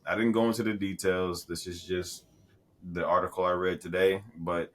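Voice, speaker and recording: This male co-host has a low-pitched, fairly bright voice and a flat delivery at normal speed. In casual podcast chat he swears, rambles while telling stories and keeps restarting his sentences.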